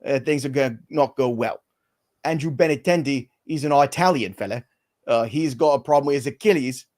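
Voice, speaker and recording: A man doing an impression of an older Cockney British man, flat and deadpan. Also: medium pitch, a little fast, lightly acted. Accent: put-on Cockney British.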